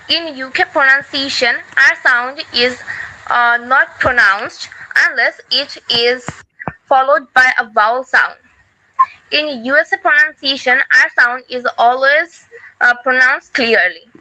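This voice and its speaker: A woman student answering oral exam questions, hesitant and reciting with many pauses. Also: high-pitched, bright, forceful tone, slight background noise, low-quality recording.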